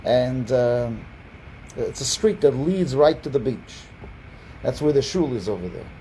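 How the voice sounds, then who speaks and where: Mellow-voiced rabbi telling a rambling story. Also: male voice, mid-range voice, animated, measured pace, a little hiss or hum, poor audio. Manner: rambling, repeats words and restarts often; lifts his voice when quoting people. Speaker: Kabbalah teacher, rabbi. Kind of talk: storytelling lesson. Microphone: online video call.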